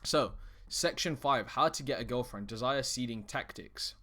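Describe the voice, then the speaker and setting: A man's voice: medium pitch, normal speed, pushed and bright. Blunt, swearing man giving advice. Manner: blunt, swears often, frequent restarts. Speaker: dating coach. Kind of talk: casual direct-to-camera advice.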